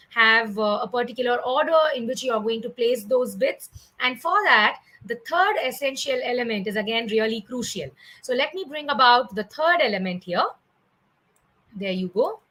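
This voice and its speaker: A woman with an Indian English accent teaches comedy in a live online class, explaining things step by step, often checking in with "right?" and using "uh" as filler. Her voice is on the high side, pushed and bright, and the recording quality is low.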